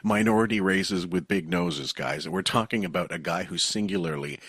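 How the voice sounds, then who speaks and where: A man's voice: low-pitched, normal speed, a bit bright, breathy edge, no room sound. A man co-hosting a podcast, rambling and laughing as he chats, with frequent swearing. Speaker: podcast co-host. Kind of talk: casual podcast chat.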